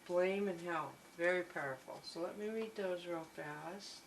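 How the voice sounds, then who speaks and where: A woman's voice: fairly low pitch, unhurried, a little hiss or hum, low-quality recording. A woman giving a tarot reading, gushing and reassuring, often repeating her encouragements. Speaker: tarot reader.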